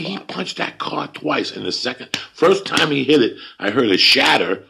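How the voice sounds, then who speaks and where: A man hosting a podcast, telling a story in a casual, profane, animated way. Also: medium pitch, normal speed, creaky, slightly rough. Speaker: podcast host.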